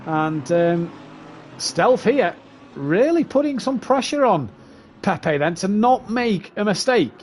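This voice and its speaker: Chatty high-voiced race commentator. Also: male voice, sing-song, slow pace, slight background noise. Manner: chatty, reels off positions and gaps. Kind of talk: sim racing commentary.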